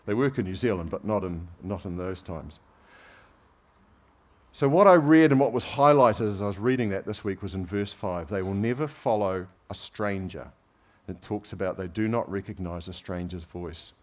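At a moderate pace, a low-pitched man preaches in a chatty style. This pastor leans on relaxed everyday stories, lightly humorous throughout.

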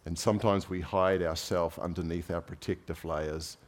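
A man's voice: sits low, normal speed. A man preaching a conversational sermon, telling everyday stories with light humor. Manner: relaxed, anecdotal storytelling with light humor. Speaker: pastor.

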